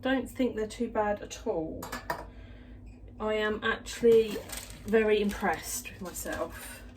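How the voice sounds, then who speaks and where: A woman's voice: medium pitch, slow pace, a little mellow. Woman, home vlogger, casual chatty delivery, light background hiss. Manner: chatty, self-deprecating, giggly. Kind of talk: casual chat to camera.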